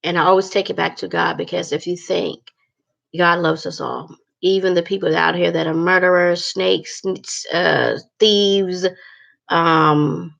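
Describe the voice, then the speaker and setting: A woman's voice: fairly low pitch, fairly even intonation, unhurried, vocal fry, fairly bright tone, highs cut off. A woman talking candidly and bluntly to her viewers in a casual vlog, cursing freely and using lots of fillers. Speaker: vlogger.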